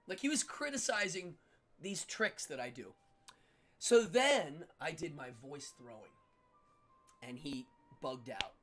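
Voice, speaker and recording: Animated middle-aged man telling stories. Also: high-pitched, moderate pace, long pauses, faint music behind. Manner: animated, laughs often, acts out quotes. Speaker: livestream host. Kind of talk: casual storytelling chat.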